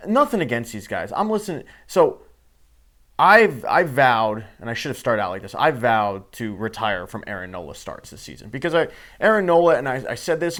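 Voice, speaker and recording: A man's voice: medium pitch, a bit bright. A man hosting a sports show, ranting with heated, sarcastic and profane commentary.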